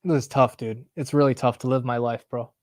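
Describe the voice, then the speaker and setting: A man hosting a live market show, talking casually in an animated, profane, self-mocking way. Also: mid-range voice, a little fast, no room sound, studio quality. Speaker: market livestream host.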